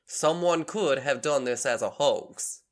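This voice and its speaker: A man voicing a drawling Southern police lieutenant, reading out official statements slowly and deliberately in a put-on Southern US accent. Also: medium pitch, voice pushed up, lightly acted.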